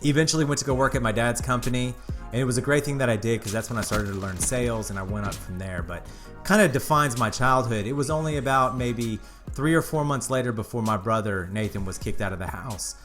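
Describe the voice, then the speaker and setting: A man's voice: mid-range voice, fast, a bit bright, faint music behind. A man hosting his own channel, candidly telling a personal story to his viewers in a casual, earnest way. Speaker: YouTube channel host.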